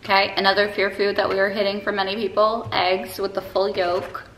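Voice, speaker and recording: A woman's voice: medium pitch, level tone, fairly quick, a bit bright, reverberant, slight background noise. A woman in her twenties from Quebec, talking casually to camera in her home kitchen as she cooks. Her tone is upbeat and encouraging, with playful asides. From Quebec, Canada. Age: 20s. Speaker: eating disorder recovery coach and vlogger. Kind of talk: casual cooking vlog talk to camera.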